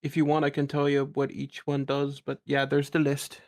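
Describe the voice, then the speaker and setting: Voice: medium pitch, monotone, normal speed. A player in a tabletop game, explaining character sheets in a helpful, apologetic way. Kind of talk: casual tabletop game play.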